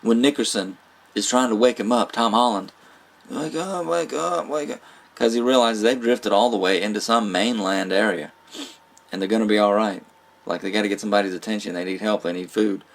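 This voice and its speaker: Man, film reviewer, casual vlog, rambling, fillers and restarts, low voice. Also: fairly even intonation, fairly quick. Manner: rambling, with frequent fillers, restarts and small laughs. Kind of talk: casual spoken movie review.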